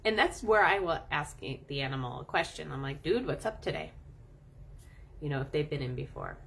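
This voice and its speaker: A woman talking casually to her audience about pets, animated and playful, stretching out words for emphasis. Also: low voice, normal speed, creaky, slight background noise. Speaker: animal chiropractor and channel host. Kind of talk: casual coaching talk to camera.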